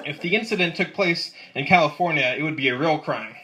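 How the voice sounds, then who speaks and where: Over a noisy background of audience laughter, a twenty-something amateur comedian in a live set fires off dry one-liners and laughs at his own material. His voice runs somewhat high.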